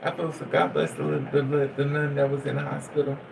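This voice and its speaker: A man's voice: on the high side, little pitch movement, a little fast, creaky, noisy background. A man talking in a raw, profane personal monologue, venting bluntly and emotionally as a vlogger.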